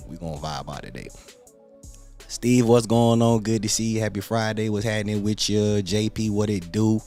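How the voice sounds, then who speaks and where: A slightly low-voiced man hosts a casual livestream from a home setup, easygoing and full of slang. He calls out viewers by name as he chats, with faint music playing underneath. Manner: laid-back slangy talk, greets viewers by name. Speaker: livestream host.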